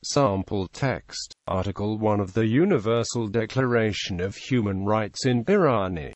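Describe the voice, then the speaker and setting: A man's voice: fairly low pitch, lively intonation, unhurried, hardly any pauses, darkish tone, no room sound, muffled recording. A computer-generated man's voice reading an encyclopedia article aloud, pronouncing punctuation marks and mangling foreign words. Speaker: narrator.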